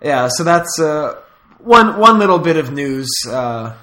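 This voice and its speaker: A man's voice: on the high side, sing-song, a little slow, pushed and bright. A man hosting a podcast in casual chat, rambling through stories with asides. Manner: rambling, storytelling with laughs and asides. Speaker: podcast host.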